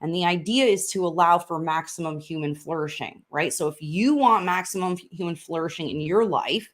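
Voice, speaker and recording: A woman's voice: fairly low pitch, brisk. A woman hosting a casual political chat at home, upbeat and chatty with frequent fillers. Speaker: podcast host and congressional candidate. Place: room in a house under renovation.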